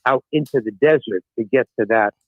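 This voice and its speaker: A man, an actor and guest, telling an anecdote in a lively way, acting out the other people in his story and swearing casually. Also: medium pitch, a little fast, dry recording. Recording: tinny phone-like line.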